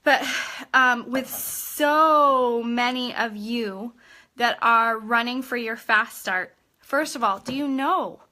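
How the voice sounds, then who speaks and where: A woman leading a live video training for her sales team in an energetic, chatty way, often checking in with "okay?". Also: a little high, slow pace. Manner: acts out customer chats in a bubbly voice. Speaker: direct sales team leader.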